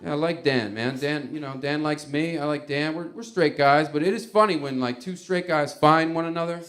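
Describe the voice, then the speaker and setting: A man's voice: fairly high pitch, moderate pace, fairly bright tone. A man doing a stand-up comedy set, rambling and chuckling with many fillers.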